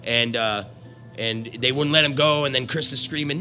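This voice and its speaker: A man's voice: mid-range voice, normal speed, bright, forceful tone, faint music behind. A middle-aged man telling a story in a blunt, rambling, foul-mouthed way. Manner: profane, blunt, swears constantly; rambling with restarts. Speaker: former carnival worker. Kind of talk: casual storytelling.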